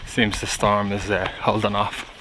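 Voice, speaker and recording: A man's voice: on the low side, level tone, measured pace, noisy background. An Irish man chatting casually to camera while out hiking, talking in a loose, rambling way. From Ireland. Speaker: vlogger hiking. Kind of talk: casual on-the-go commentary. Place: outdoors on hills and a beach in wind and rain.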